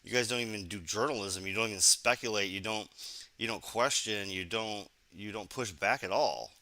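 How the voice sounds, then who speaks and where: A man's voice: fairly low pitch, moderate pace, pushed and bright, dry recording. A man speaking critically about news media in a rambling way.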